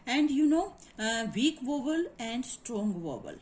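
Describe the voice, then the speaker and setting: A woman's voice: fairly high pitch, lively intonation, a little slow, few pauses, a little mellow, a little hiss or hum, poor audio. A woman teacher with an Indian English accent, explaining grammar in a lecture and checking that students follow. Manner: explanatory, repeats points and asks "is it clear?". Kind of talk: classroom lecture.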